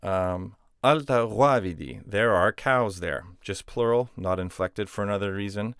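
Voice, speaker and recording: A man's voice: lowish voice, a little slow, fairly bright tone, smooth, no echo, studio quality. A man teaching a grammar lesson, explaining patiently step by step with spoken examples. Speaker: language teacher.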